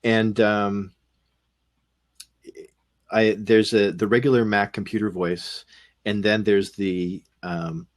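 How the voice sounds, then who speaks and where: A man with a Canadian accent talking casually on a podcast panel, rambling with many pauses and dry humor. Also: on the low side, flat delivery. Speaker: podcast co-host.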